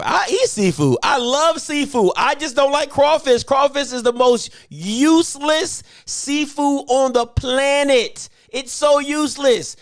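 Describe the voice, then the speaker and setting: A man's voice: extremely high pitch, animated, measured pace, few pauses, no room sound, clean studio sound. A man hosting a casual show, mocking a caller and stumbling over his own words. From Maryland. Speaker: host. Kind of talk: casual chat, playful trash talk.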